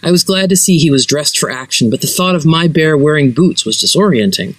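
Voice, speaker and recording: A narrator reading a fantasy story aloud, expressive and varied. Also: mid-range voice, a little fast, no room sound, low-quality recording. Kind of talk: fiction reading.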